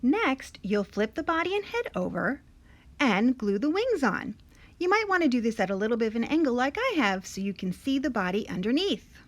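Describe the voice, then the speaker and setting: A woman's voice: on the high side, a bit bright. A woman children's librarian reading a story and explaining a craft patiently to young kids.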